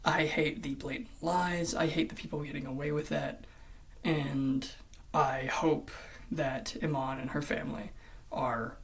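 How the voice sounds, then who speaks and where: A vlogger ranting in commentary style, swearing often and swinging between loud outbursts and hushed near-whispers. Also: medium pitch.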